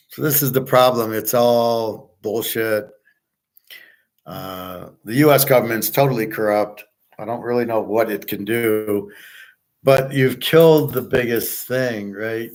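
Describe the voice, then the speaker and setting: Blunt, rambling man. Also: medium pitch. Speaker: host. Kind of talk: casual monologue.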